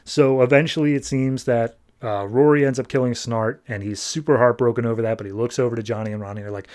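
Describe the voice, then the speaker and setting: A man hosting a podcast, casually recapping a comic issue with quick asides and lots of fillers. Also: mid-range voice, steady tone, a little mellow. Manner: chatty, quick asides, frequent "like". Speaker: podcast host.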